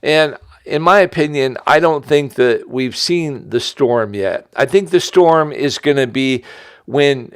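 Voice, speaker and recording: A man's voice: mid-range voice, takes it slowly, clean tone, no room sound. A middle-aged man from the United States hosts an investment update, talking in a rambling, casual monologue full of restarts and asides. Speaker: host giving an investment update.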